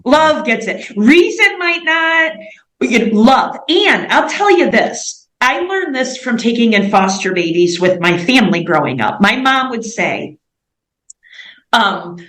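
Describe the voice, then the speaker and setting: A woman tells her missionary stories as an interview guest, animated and chatty, full of "like." Her voice sits on the higher side. The recording has a roomy echo. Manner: animated, fast-paced anecdotes with frequent "like". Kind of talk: storytelling in an interview.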